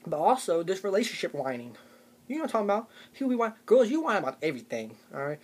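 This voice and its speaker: A man's voice: high voice, very animated, rapid-fire, a little hiss or hum. A young man delivering a sarcastic comedic rant to camera, tagging his points with "okay?". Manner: ranting, sarcastic, tags lines with "okay?". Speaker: vlogger.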